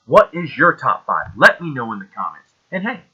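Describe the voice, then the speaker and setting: A man's voice: mid-range voice, huge pitch swings, moderate pace, pushed and bright, breathy edge, lo-fi sound. A man hosting a casual solo movie show, talking with enthusiasm and rambling as he fishes for names. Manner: enthusiastic, rambling, loses names mid-sentence. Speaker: host.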